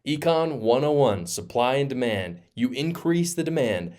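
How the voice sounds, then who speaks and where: A man's voice: mid-range voice, expressive, moderate pace, darkish tone. A man hosting a political commentary video, heated and sarcastic, hammering his points with repetition. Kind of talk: opinion commentary vlog.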